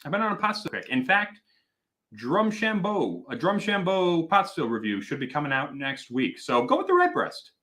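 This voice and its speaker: Lively, bright-voiced man from Wisconsin. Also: fairly high pitch, normal speed. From Wisconsin, Milwaukee area. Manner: animated, chatty, self-deprecating, swears casually. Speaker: whiskey reviewer, livestream host. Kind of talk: casual livestream chat, reading viewer comments.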